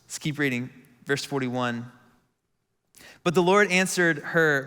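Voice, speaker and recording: A man's voice: a little high, slow, long pauses, bright, forceful tone, clear, resonant tone. A young man preaching a casual sermon to a crowded room, chatty and full of "like" fillers, calling out to the congregation. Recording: long reverb from a big hall.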